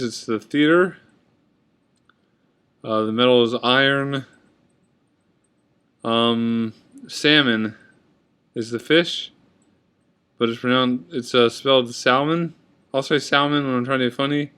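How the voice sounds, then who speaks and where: A man's voice: medium pitch, fairly bright tone, clear, resonant tone. Casual man reading a word list. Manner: reads word list, comments offhand. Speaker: vlogger. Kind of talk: casual accent tag video. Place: indoors at a computer. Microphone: webcam at computer.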